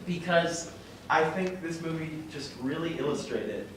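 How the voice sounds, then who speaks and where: A man's voice: on the high side, animated, a little slow. Young guy telling his faith story, gets choked up and trips over words, far mic, super echoey room with hiss. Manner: earnest and emotional, rambling with restarts and chuckles. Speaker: guest speaker at a parish talk. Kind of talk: personal faith talk to a church group. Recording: very echoey hall from far off, noisy.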